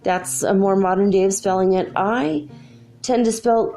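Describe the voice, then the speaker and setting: A woman's voice: on the low side, steady tone, measured pace, mellow, soft background music. A middle-aged woman hosting a spiritual talk show, telling stories in a chatty, rambling way with many fillers. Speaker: spiritual channel host. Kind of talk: casual spoken monologue.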